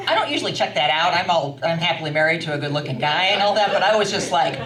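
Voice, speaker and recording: An older woman telling a story live to an audience at a wine bar, animated and chatty, laughing often as she talks. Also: on the low side, quick pace, a crowd in the background. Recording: roomy sound from a distant mic.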